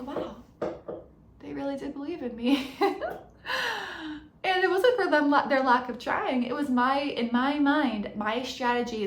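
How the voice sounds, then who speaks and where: A woman's voice: fairly high pitch, reverberant. A woman coach in her thirties telling a personal story on her podcast, earnest and reflective, often restarting and correcting herself mid-sentence.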